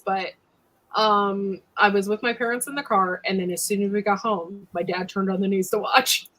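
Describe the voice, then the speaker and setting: A woman's voice: medium pitch, low-quality recording. Woman in her thirties hosting a casual chat. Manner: relaxed, reacts briefly and reads out viewer comments. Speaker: host of a talk livestream.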